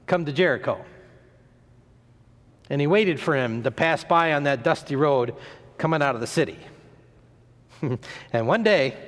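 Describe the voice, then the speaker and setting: A man preaching a sermon, retelling a story in an animated way, acting out the voices, sometimes stumbling and repeating words. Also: a little high. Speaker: pastor. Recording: long hall reverb.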